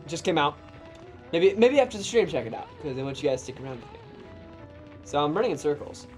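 Young male streamer, laid-back, lively pitch, faint music bed. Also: fast. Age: young adult. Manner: calm, keeps cool under teasing. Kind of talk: casual livestream gaming chat.

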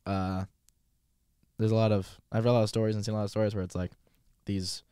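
A man's voice: fairly low pitch, little pitch movement, fast, dark tone, clear, resonant tone, no room sound, clean studio sound. A man hosting a podcast, giving blunt, rambling, casual commentary with a profane edge. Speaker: podcast host.

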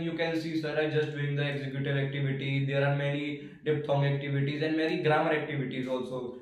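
A young man with an Indian accent, whose first language is Hindi, speaking to a classroom and giving a halting student testimonial full of restarts. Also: fairly high pitch. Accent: Indian English. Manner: halting, with frequent restarts and fillers. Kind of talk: prepared speech to a class. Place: classroom, indoors. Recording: echoey room from a distant mic.

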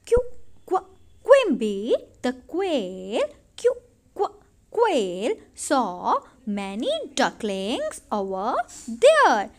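A woman's voice: on the high side, wildly swooping pitch, very slow. A woman reading a nursery story to young kids, stretching out letter sounds in a sing-song way. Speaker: nursery teacher. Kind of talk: online children's lesson.

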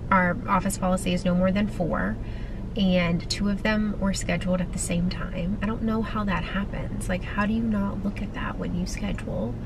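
A woman's voice: mid-range voice, steady tone, normal speed, creaky, noisy background. A woman in her twenties, a nurse practitioner talking casually to the camera, chatty and venting with lots of fillers. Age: 20s. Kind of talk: casual vlog chat.

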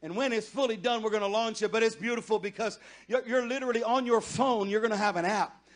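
High voiced guy preaching in church, chatty then gets loud and fired up. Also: fast. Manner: builds from conversational to loud impassioned pleading. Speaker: pastor. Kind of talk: sermon. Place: church sanctuary.

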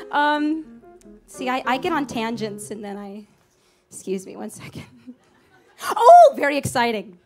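A woman's voice: sits high, sing-song, normal speed. A woman performer chatting to a club audience between songs in a rambling, anecdotal way, heard on a live recording over a band. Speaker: singer and stage performer. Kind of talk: cabaret stage banter. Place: small live music venue.

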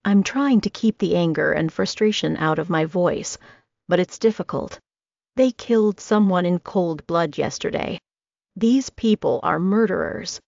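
A woman narrating a first-person audiobook with a steady, dramatic reading. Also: lowish voice, measured pace, gravelly, no room sound. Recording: dry, slightly muffled recording.

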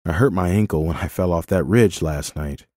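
A learned young king speaks calmly with a dry wit, as a male audiobook reader plays him. His voice sits low and warm. The sound is close and dry. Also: moderate pace, no echo. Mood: wry. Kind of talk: audiobook character voice.

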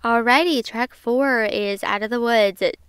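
A woman's voice: fairly high pitch, unhurried, fairly bright tone, smooth, no room sound. A woman, hosting a podcast and gushing over music in bubbly, casual chat. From Southern United States. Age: 20s. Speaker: podcast host.

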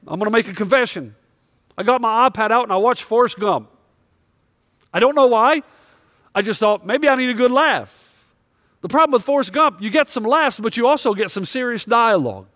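A man's voice: sits high, expressive, brisk, fairly bright tone, dry recording, studio quality. A male pastor preaching a sermon with impassioned, confessional storytelling.

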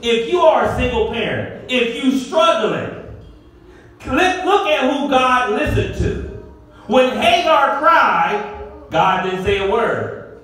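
A middle-aged male pastor preaching a sermon with call-and-response to his congregation, sometimes rising to shouts. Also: very high voice, expressive, takes it slowly, faint music behind. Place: church sanctuary. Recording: echoey hall, far from the mic.

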